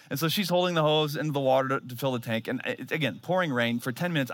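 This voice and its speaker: A man in his thirties preaching a sermon, telling a story with animated, self-mocking humor. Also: on the high side, rapid-fire, few pauses, no echo, studio quality. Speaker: pastor.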